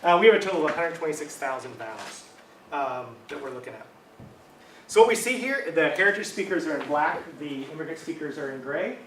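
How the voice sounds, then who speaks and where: A man's voice: on the high side, animated, brisk, a little hiss or hum. Man lecturing casually in an echoey room. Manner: casual, conversational lecturing with frequent "um", "right?". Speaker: university linguistics lecturer. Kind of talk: academic talk. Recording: echoey room, mic at a distance.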